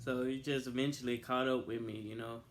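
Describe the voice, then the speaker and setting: Reserved young man, quiet. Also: mid-range voice, flat delivery, brisk, a little hiss or hum. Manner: quiet, reserved, slightly hesitant. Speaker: co-host of couple channel. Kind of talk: casual couple chat.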